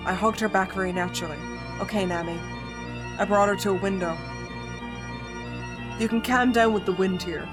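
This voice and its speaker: A woman's voice: mid-range voice, normal speed, pauses often, lightly acted. A woman reading the part of an earnest young man, narrating steadily in the first person, in her own voice with faint music behind. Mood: steady. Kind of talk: reading a visual novel aloud.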